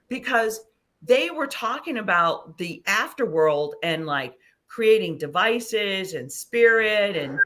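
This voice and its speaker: Lively, sharp-voiced woman telling stories. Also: medium pitch, slow. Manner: animated, swears freely, acts out dialogue. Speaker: guest, ascension teacher and hypnosis practitioner. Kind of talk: casual storytelling interview.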